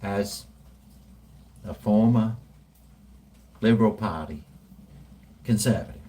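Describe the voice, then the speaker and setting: Guy mimicking a halting conservative politician, slow-talking, low voice: funny impression. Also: warm tone. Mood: mock-serious.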